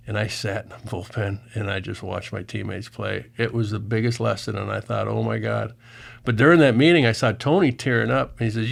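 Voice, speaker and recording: Gravelly man telling animated stories. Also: lowish voice, fairly quick. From Minnesota. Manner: animated storyteller acting out quoted people. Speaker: guest, real estate agent. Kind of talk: casual interview storytelling.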